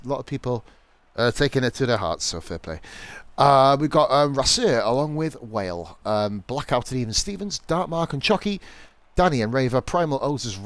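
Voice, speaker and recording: A man's voice: medium pitch, a bit bright, dry recording. A young adult man from the UK, commentating a sim racing league on a live stream in a sweary, rambling, jokey way.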